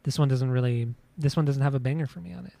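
A man's voice: medium pitch, quick pace, vocal fry, warm tone, no echo. A man co-hosting a podcast, talking casually about music in a rambling way with many restarts. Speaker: podcast co-host. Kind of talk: casual chat.

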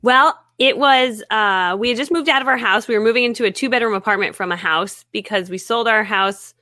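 A woman guest telling her own story in a lively way, often acting out what people said to her. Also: a little high, a little fast, no echo. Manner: lively, acts out her own and others' remarks. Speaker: guest, author and network marketer. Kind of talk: animated storytelling in conversation.

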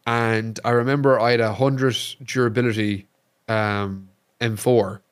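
An Irish man, a streamer guest on a podcast, chatting casually and telling animated stories, swearing freely. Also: fairly low pitch, unhurried, smooth. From Ireland. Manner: animated storyteller, swears freely, acts out quotes.

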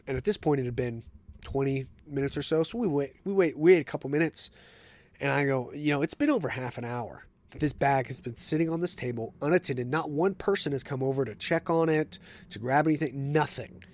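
A man's voice: medium pitch, brisk, darkish tone, no echo. A man hosting a casual solo podcast, telling stories in a chatty, conversational way. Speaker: podcast host.

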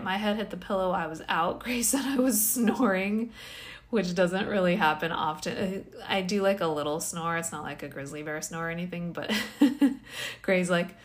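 Yawning and weary, a woman rambles through her casual solo podcast, questioning herself and letting out sighs and small laughs. She speaks unhurriedly in a lowish voice with fairly even intonation.

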